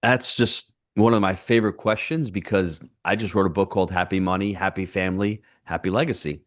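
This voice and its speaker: A middle-aged man, a real estate investor appearing as a podcast guest, telling stories in an animated, emphatic way with punchy phrasing. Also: deep voice, a little fast. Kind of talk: podcast interview.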